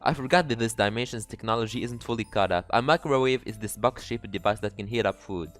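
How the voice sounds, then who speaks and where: A man playing a dating game, reading its text aloud and breaking into excitable, profane jokes. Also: lowish voice, fast, faint music behind. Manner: excitable, swearing, jokey. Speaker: let's player.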